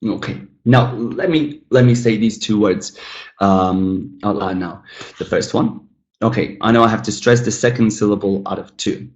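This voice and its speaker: A man's voice: on the low side, dull audio. Man teaching an English pronunciation lesson. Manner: lively, demonstrative, repeats model words slowly, talks to chat. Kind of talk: live online pronunciation lesson.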